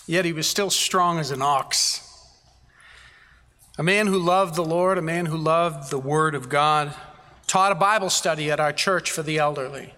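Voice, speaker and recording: A man's voice: a little high, sharp tone, big-room sound. A man preaching a sermon as a pastor, earnest, building emphasis through repeated phrases.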